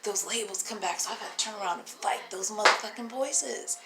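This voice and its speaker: A woman's voice: mid-range voice, a little fast, very noisy. A tired single mother talking straight to her phone camera in a raw, profane, rambling vlog, laughing to herself between thoughts. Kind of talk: raw unscripted vlog monologue.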